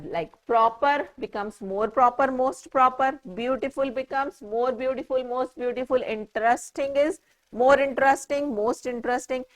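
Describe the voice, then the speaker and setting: A teacher with an Indian English accent and a high-ish, fairly bright voice explains a grammar lesson. She patiently spells words out letter by letter and checks understanding by asking "right?"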